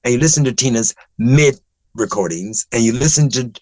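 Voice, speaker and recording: A man's voice: medium pitch, fairly quick, a little mellow, no echo, low-quality recording. Chatty older man telling stories. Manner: chatty, rambling, with many restarts and ums. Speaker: interview guest. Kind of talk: animated anecdotal storytelling.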